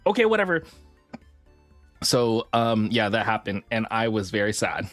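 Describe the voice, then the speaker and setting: On a livestream, a woman talks informally with viewers at a moderate pace while soft music plays in the background. Her mood swings between excited squeals and quiet mumbling, and she curses occasionally.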